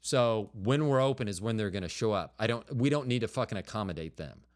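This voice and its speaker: A man's voice: on the low side, lively intonation, brisk. A man hosting a podcast, telling stories in a casual, blunt way and swearing freely. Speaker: podcast host. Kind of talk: casual interview chat.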